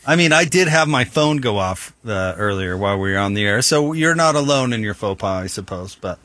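A man's voice: lowish voice, lively intonation, a little fast, a bit bright, dry recording. A man co-hosting a sports radio show, bantering casually on air in a wry, rambling way full of fillers and restarts. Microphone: studio microphone.

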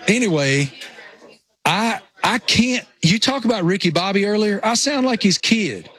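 A man's voice: high voice, expressive, measured pace, a bit bright. A man with a rural Appalachian accent, co-hosting a casual sports talk show remotely and joking about himself. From Tennessee. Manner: jokey, self-mocking. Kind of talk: casual radio show banter. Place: remote link over satellite internet.

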